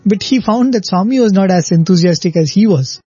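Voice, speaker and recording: Older male guest, high pitched and husky, anecdotal storyteller; muffled recording, faint music. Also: expressive, a little fast, dry recording. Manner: warm anecdotal, laughs often, uses "you know". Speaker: guest recounting stories. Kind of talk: conversational storytelling.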